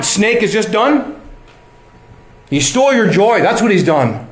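A middle-aged male preacher delivering a sermon in a fairly high voice. He speaks earnestly and presses his points with rising emphasis. His voice rings in a roomy, echoing space. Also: sing-song, measured pace. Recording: echoey room.

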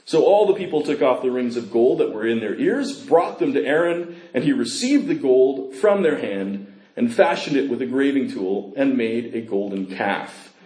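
A man preaching a sermon and reading scripture aloud, with dramatic swings in pitch and pace. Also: animated, moderate pace, dark tone. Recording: echoey room.

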